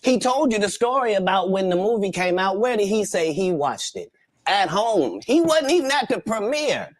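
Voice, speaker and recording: A man's voice: sits high, sing-song, dry recording, studio quality. A man giving an interview, ranting in an emphatic, argumentative way. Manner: emphatic, argumentative, rapid-fire. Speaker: interview guest. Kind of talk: heated interview rant.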